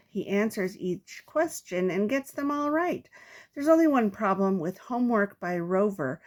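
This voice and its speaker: An older woman, a grandmother, reading children's poems aloud in a playful, expressive way. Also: medium pitch. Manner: playful, expressive read-aloud with comic trailing-off.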